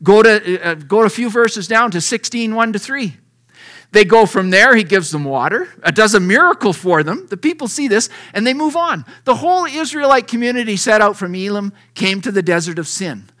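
Middle-aged preacher guy, high bright voice, folksy sermon, acts out the scripture as he reads. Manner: lively preaching, reads scripture aloud with acted lines; folksy and conversational. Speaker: pastor.

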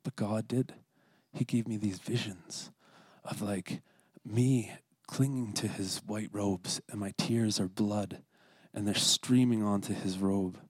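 Earnest guy reading his own church talk, deep-ish voice, dead dry room. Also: fairly even intonation, slow, slightly rough, no echo. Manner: earnest, confessional, with soft whispered prayers. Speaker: lay speaker at a church service. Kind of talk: scripted personal devotional talk.

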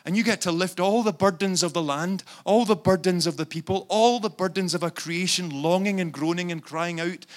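A man preaching with a notably high voice, pleading and impassioned. His delivery swells into fervent calls to prayer and then eases back to plain talk. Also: normal speed, hardly any pauses. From Scotland. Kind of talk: sermon.

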